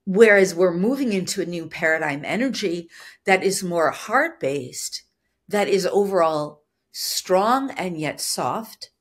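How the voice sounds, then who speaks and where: On a solo podcast, a woman who works as a spiritual business coach explains things earnestly in an expressive, unhurried manner. Her voice is lowish and husky, gentle but firm, and now and then she performs brief quoted lines.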